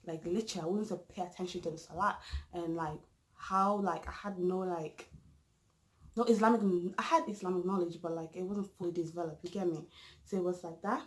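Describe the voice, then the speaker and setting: Rambling through a casual storytime vlog, a young vlogger keeps restarting and filling gaps with filler words. Her voice is on the low side and her pace brisk, and the recording is rough.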